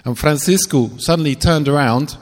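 A man's voice: fairly high pitch, moderate pace, in a large hall. A man, a missionary preacher telling a personal story in a sermon, earnest with self-deprecating asides. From England.

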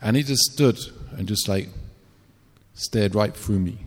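A man's voice: fairly low pitch, unhurried, long reverb tail. Preacher telling his testimony. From England. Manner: storytelling, earnest, with self-deprecating asides. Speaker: missionary preacher. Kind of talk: personal testimony sermon.

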